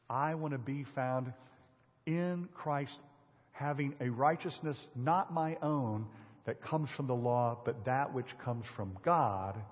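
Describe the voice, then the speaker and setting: A male pastor preaching a sermon, asking the congregation rhetorical questions and swinging between loud emphasis and a hushed voice. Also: medium pitch. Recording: lo-fi sermon audio with long hall reverb.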